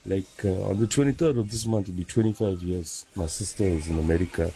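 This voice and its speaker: A man calling a radio show, telling a story with animated local slang. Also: deep voice, quick pace, slightly rough, poor audio. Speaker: caller. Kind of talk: casual phone-in chat.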